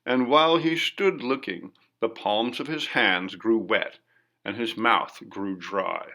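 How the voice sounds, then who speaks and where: A man reading a classic ghost story aloud in measured, dramatic narration. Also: on the low side, pushed and bright. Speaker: audiobook narrator.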